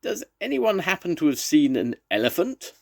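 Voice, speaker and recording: A jolly circus ringmaster, as a grandfather puts him on for a storybook reading. He booms out his calls like a showman. The voice sits high and swings widely in pitch. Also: very animated, normal speed, vocal fry, heavily acted. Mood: calling out.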